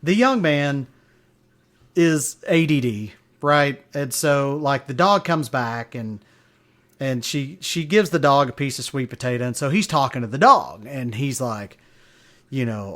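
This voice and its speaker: A man's voice: a little high, sing-song, slow pace, fairly bright tone. A man hosting a casual podcast monologue, telling stories in a rambling way with chuckles and lots of fillers. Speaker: podcast host.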